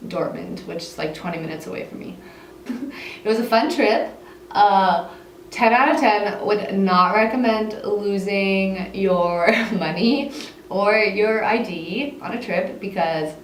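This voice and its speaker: A young American woman telling a casual storytime, chatty and filling her talk with "like," often laughing between phrases. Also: medium pitch. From United States. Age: young adult. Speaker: vlogger. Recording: echoey room, mic set far off, faint hiss.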